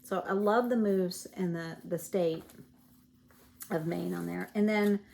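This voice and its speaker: A woman's voice: lowish voice, steady tone, unhurried, gravelly, a little mellow, slight background noise. A woman with a Southern US accent chatting casually as she shows stitching goodies in a vlog, rambling with fillers and self-corrections. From Virginia, US. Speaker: cross-stitch vlogger. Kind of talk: casual show-and-tell chat.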